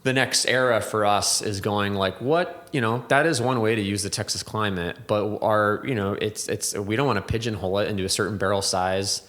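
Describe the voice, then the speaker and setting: Low-voiced thoughtful man rambling. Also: steady tone, brisk, hardly any pauses, fairly bright tone. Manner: thoughtful, rambling, many restarts and fillers; reflective, waxes poetic. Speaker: whiskey distiller and blender. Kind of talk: conversational podcast interview.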